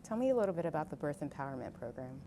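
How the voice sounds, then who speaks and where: A woman interviewer with a very low-pitched voice asks her questions loosely, filling gaps with "like." Noticeable background noise runs under her speech. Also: sing-song, rapid-fire, warm tone. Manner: asks questions with hedging likes.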